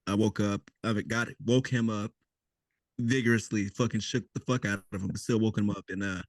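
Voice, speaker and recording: A man in his thirties co-hosting a podcast, joking and swearing freely as an animated storyteller. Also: on the low side, normal speed, no room sound, studio quality. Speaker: podcast co-host, army veteran. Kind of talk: casual chat.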